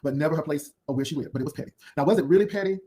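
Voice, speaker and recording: A man's voice: on the high side, rapid-fire, mellow. A man hosting an unscripted drama commentary video, firing off sassy, cutting put-downs in a rambling way. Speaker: YouTube commentary host.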